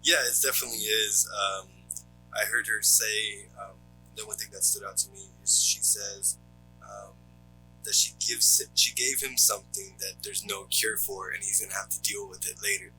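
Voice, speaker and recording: A man with a low voice and a very bright, forward tone walks through a film plot in a relaxed podcast chat. He fills his pauses with ums and uhs, and soft guitar music plays faintly behind him. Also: poor audio. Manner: steady recap, frequent ums and uhs. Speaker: podcast co-host. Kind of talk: casual movie recap chat.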